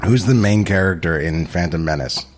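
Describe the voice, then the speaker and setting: A man's voice: deep voice, moderate pace, soft background music. A man co-hosting a table read, trading crude sardonic jokes with the others. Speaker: co-host. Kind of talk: casual banter at a table read.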